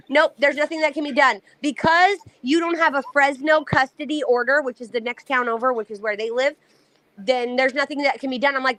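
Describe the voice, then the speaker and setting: A woman's voice: sits high, fairly even intonation, fairly bright tone. A woman angrily recounting a custody fight, swearing often and talking in a heated, ranting rush. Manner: heated, profane, fast-ranting. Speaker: mother telling her story. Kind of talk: angry personal account.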